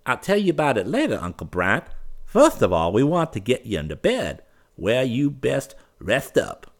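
A man's voice: mid-range voice, wildly swooping pitch, normal speed, pitched above the performer's own voice. A man voicing a fawning, nervous young nephew in a western audiobook, with a pleading manner. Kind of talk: audiobook character voice.

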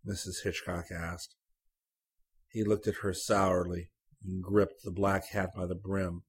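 A man narrates a literary short story in a low voice with a husky, breathy texture. His delivery is measured and even, with a slight drop for the dialogue tags.

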